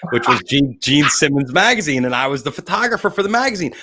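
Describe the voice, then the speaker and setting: A man's voice: fairly high pitch, very animated, fast, sharp tone, slight background noise. A man hosting a casual interview, chatty and telling stories, laughing easily. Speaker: show host.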